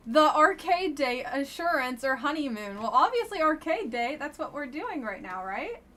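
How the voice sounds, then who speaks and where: A woman's voice: high-pitched, big pitch swings, a little slow, sharp tone. A woman streamer casually commenting on a dating game she plays live, with a blunt, wry and chatty manner.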